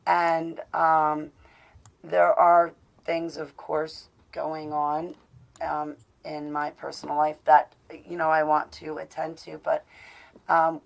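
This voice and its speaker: A woman's voice: low voice, vocal fry, darkish tone, low-quality recording. A woman hosting a casual live video-call show, talking in an affectionate, rambling way with many fillers. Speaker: host of an online show. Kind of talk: casual live-stream chat.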